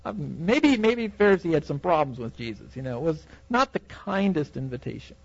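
Young male preacher, storyteller, bright high voice with big swings, dry close sound. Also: normal speed, creaky, slightly rough, dry recording, lo-fi sound. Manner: storytelling, animated, acts out reactions with laughs. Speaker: youth conference speaker. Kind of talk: preaching a sermon.

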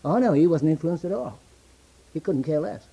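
A man preaching a sermon, swinging between loud declamation and hushed near-whisper, quoting scripture in old-fashioned wording. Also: fairly high pitch, lively intonation, moderate pace, gravelly, slightly rough.

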